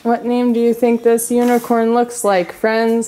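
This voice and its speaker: A woman's voice: a little high, completely flat delivery, unhurried, few pauses, warm tone. A middle-aged woman, a mom filming a family vlog, chatting playfully and teasing her kids. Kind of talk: casual family chat.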